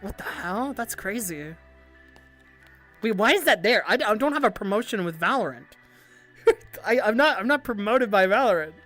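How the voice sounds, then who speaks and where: A young woman streamer chatting casually with viewers, animated and giggly, swearing often and stumbling over restarts. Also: medium pitch, normal speed, long pauses, faint music behind. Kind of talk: casual livestream chat.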